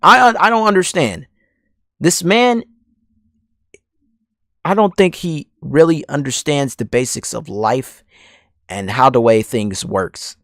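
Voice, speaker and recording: A man's voice: mid-range voice, animated, takes it slowly, pauses often, fairly bright tone, no room sound, clean studio sound. A man delivering a heated, profane call-out rant straight at someone, hammering the same points over and over. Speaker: commentary channel host.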